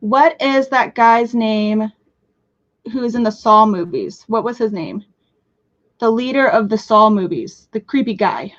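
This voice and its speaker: A young woman in her twenties hosts a live crafting stream in a loose, rambling chat. She jumps between topics, pokes fun at herself and lets out sudden squeals. Her voice sits a little high and comes through muffled, lo-fi audio. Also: lively intonation, measured pace. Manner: chatty, scattered and self-mocking, with bursts of squeals. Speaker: crafting livestream host.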